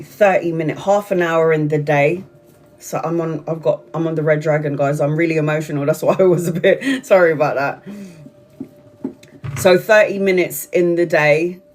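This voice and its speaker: A woman's voice: low voice, darkish tone. Chatty woman telling a livestream story. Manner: chatty, repetitive storytelling with frequent swearing. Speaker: tarot reader on a livestream. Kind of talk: casual livestream chat.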